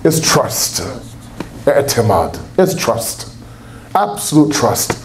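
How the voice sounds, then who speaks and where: A young man gives a fiery sermon at a religious gathering, held in a religious center's lecture hall, and voices quotes loudly as if acting them out. His mid-range voice is very animated yet slow, with a little hiss or hum in the audio.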